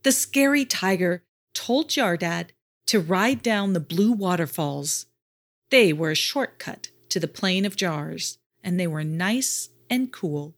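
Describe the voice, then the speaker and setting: A woman reads a children's story aloud in an expressive storytelling voice. She goes slowly and lets her pitch rise and fall widely. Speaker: narrator.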